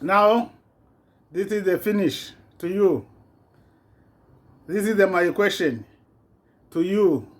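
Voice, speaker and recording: A man's voice: high-pitched, slow, pauses often. A man giving an impassioned political rant in broken, non-native English, repeating himself with indignation. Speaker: vlogger.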